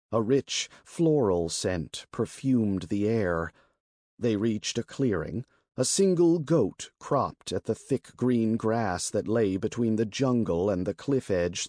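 A man reading fantasy narration for an audiobook in a slow, deliberate and expressive way. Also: on the low side, dry recording. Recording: dry close studio recording.

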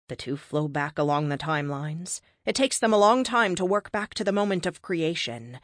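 A woman narrating a science fiction story in a calm, deliberate reading. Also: deep voice, no room sound, studio quality.

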